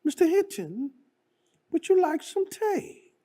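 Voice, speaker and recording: A gracious elderly British queen, as a man puts her on, speaks in a high, prim falsetto with a British accent. The tone sounds thin and noticeably unlike a natural voice. She comes across as courteous and formal. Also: big pitch swings, takes it slowly, mellow, full character voice.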